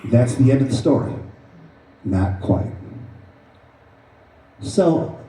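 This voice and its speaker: A man addresses a live audience at an event, telling a personal story in an earnest, emphatic way. His voice is deeply mellow and dark. It is caught from far off the microphone, with the echo of a large room around it. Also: expressive, slow pace. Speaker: author presenting his book. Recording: roomy echo, voice far from mic.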